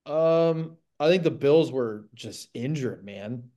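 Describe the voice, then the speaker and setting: Mellow-voiced young man chatting sports. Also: medium pitch, expressive, takes it slowly. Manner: laid-back, frequent ums. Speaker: podcast co-host. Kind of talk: casual sports chat. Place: home.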